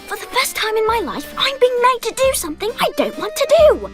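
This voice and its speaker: An actress voicing a defiant young girl in an animated film clip, speaking in a high, indignant way. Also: brisk. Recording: film clip with loud music.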